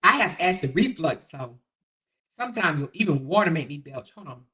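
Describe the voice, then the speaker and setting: Chatty bright-voiced woman livestreaming. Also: deep voice, lively intonation, normal speed. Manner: chatty, talks straight to the chat, repeats herself. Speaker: livestream host. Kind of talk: casual livestream commentary.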